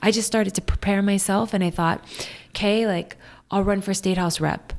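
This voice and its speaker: A woman in her thirties from Hawaii, telling her story as a guest, animated and full of "like". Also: normal speed. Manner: animated, acts out quoted voices with high jumps; many fillers of "like". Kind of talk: casual storytelling interview.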